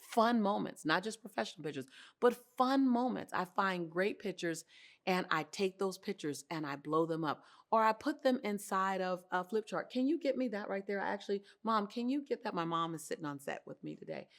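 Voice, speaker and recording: Brief: woman motivational host, animated and expressive, laughs easily, talking to camera on an indoor set. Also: mid-range voice, a little fast.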